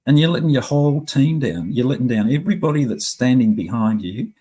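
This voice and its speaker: A man's voice: mid-range voice, animated, fairly quick, warm tone, husky. A middle-aged man, ranting angrily in a profane, rambling monologue.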